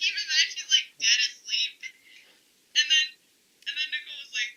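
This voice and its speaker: A woman in a casual late-night chat, telling a story in a giggly way with quick restarts. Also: high voice, pushed and bright, low-quality recording.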